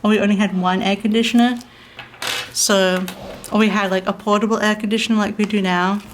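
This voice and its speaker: A woman's voice: medium pitch, fairly even intonation, fairly quick, slight background noise. A young adult woman from South Australia with an Australian accent, chatting in a rambling, casual way with many fillers and frequent small laughs. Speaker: planner vlogger. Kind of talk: casual chat over planning.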